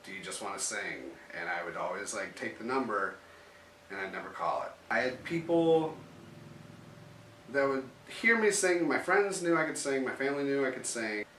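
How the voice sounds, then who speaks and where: A man's voice: mid-range voice, animated, moderate pace, fairly bright tone, a little hiss or hum. A man telling a personal story in a casual, rambling way, full of "like" fillers and restarts. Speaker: interviewee telling his story. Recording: roomy echo, mic at a distance.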